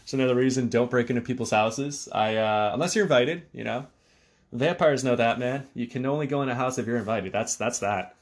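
Here the Connecticut podcast host speaks alone in a medium pitch, a little fast. He wanders casually through his talk, often using fillers and starting sentences over.

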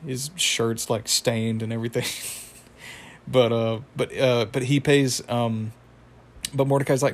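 A man's voice: medium pitch, flat delivery, unhurried, long pauses. A man casually recapping a cartoon episode, rambling with frequent laughs. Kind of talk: casual chat.

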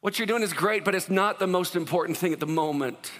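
A man voicing a calm male teacher who gently and steadily corrects a friend. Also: high voice, a little fast. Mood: gently firm. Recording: long hall reverb.

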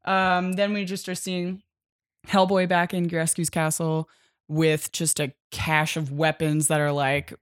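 A woman's voice: low voice, level tone, unhurried, no echo, studio quality. A woman co-hosting a podcast, recapping a comic in a rambling, casual way, with many fillers and easy laughter. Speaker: podcast co-host.

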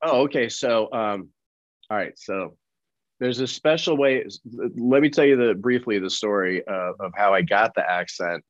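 A man from Colorado, a guest actor telling lively anecdotes in an interview and acting out the people he quotes. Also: lowish voice, a little slow, no room sound, lo-fi sound. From Colorado, USA. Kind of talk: animated storytelling in an interview.

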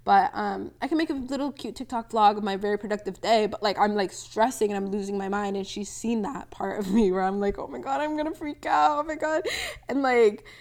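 A woman's voice: medium pitch, gravelly. A twenty-one-year-old woman hosting a casual solo podcast, chatty and rambling, with lots of "like" and little laughs. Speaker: podcast host. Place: home, near a balcony.

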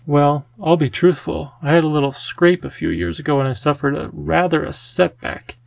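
A man voicing a charming, theatrical male cat with a genteel, drawn-out, fussy way of talking. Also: a little high, vocal fry, no echo. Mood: wheedling.

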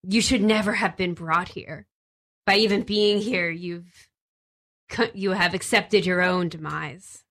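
A woman's voice: lowish voice, fairly even intonation, a bit bright. A woman voicing a monstrous telepathic horror with a hissing, menacing delivery. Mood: ominous. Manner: slow, ominous pronouncements.

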